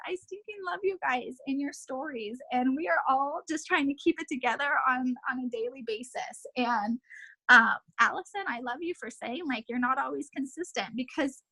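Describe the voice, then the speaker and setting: A woman with a bright, husky voice urges her team on in an emotional, impassioned pep talk, hammering her points home by repeating them. She speaks over a video call, and the sound is dry and close. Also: high-pitched, normal speed, no echo, low-quality recording. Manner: emotional, impassioned, repetitive exhortations.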